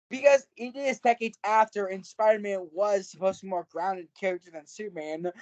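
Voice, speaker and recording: A woman's voice: medium pitch, a little mellow, no room sound, dull audio. A woman co-hosting a casual podcast chat, talking freely and filling with "like" and "you know". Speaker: podcast co-host. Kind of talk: casual chat over a call.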